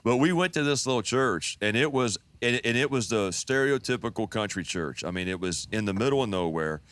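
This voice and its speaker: Deep-voiced man in his fifties, folksy storyteller. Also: lively intonation, fairly quick, a bit bright. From Texas. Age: 50s. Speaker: pastor. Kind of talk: storytelling a personal testimony.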